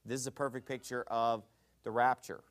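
A man preaching an expository sermon, animated and folksy, often checking in with his listeners. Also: medium pitch, moderate pace, clear, resonant tone.

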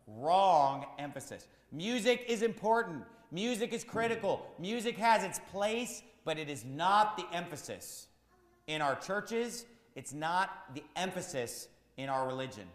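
A man's voice: high-pitched, animated, measured pace, fairly bright tone, reverberant, in a large hall. A man preaching a sermon as pastor, firing rhetorical questions in a repetitive, emphatic cadence.

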